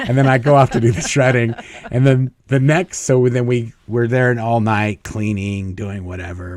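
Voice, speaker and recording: A man's voice: mid-range voice, little pitch movement, normal speed, dry recording. Dry-voiced man telling stories. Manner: chuckles often, acts out quoted dialogue. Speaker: interview guest. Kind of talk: casual storytelling.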